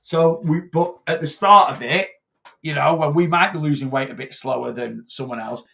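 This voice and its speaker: A man's voice: on the high side, normal speed, vocal fry, sharp tone. A man giving casual weight-loss advice in a vlog, blunt and chatty, often tagging his points with "right?".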